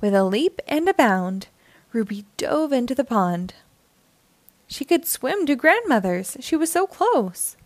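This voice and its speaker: A woman hosting a children's storytime, reading a picture book aloud in a slow, expressive and melodic way. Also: fairly high pitch, no echo. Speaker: storytime host.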